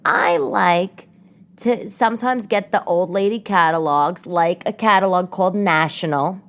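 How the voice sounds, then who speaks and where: A chatty New York woman who hosts a podcast tells stories at home in a casual, rambling monologue, as if chatting with a friend in her living room. She keeps interrupting herself with quick asides and trails off into side comments. Her voice sits a little low for a woman.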